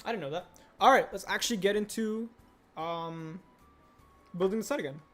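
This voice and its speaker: A man's voice: sits high, normal speed, a bit bright. A young man streaming casually, rambling and answering chat aloud as he builds. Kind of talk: casual livestream chat while building a set. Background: faint music.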